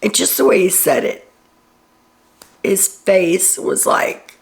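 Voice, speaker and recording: A woman's voice: mid-range voice, lively intonation, takes it slowly, gravelly. A tired woman chattily recapping a reality show to her viewers, retelling scenes as she goes. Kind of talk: casual recap to camera.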